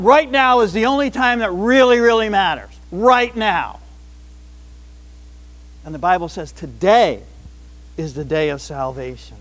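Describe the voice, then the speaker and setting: High-pitched guy giving a sermon, punchy declarations then quiet asides. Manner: emphatic, varies between loud declarations and soft asides. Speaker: pastor.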